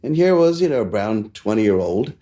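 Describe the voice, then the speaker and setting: Male chef from India, animated anecdote-teller, laughs easily. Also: normal speed. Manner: animated, laughs often, shifts pitch for quoted voices. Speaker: chef and guest. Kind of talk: casual interview storytelling.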